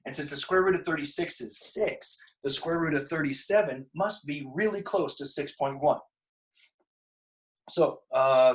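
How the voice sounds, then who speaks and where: A male math teacher with a slightly high voice, explaining in a loose, joking way. He thinks out loud as he goes, tossing in asides while he works through problems. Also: poor audio. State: out of breath. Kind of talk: casual math lesson.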